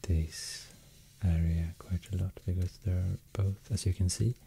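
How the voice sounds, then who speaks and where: A very dark, mellow male voice with a Swedish accent, drifting between soft speech and whisper close to the mic. He talks slowly and evenly in a low, flat register, with frequent hesitant pauses, in a soft-spoken ASMR delivery. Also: vocal fry, slight background noise. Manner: soft, mostly whispered, hesitant with many fillers. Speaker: ASMR host.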